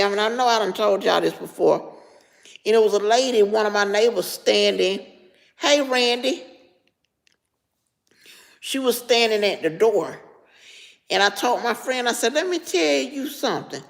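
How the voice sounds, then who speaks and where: A woman's voice: on the high side, vocal fry, long reverb tail. A middle-aged woman, frankly telling a personal story on a live stream and greeting viewers as she goes. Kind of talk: casual storytelling to live chat.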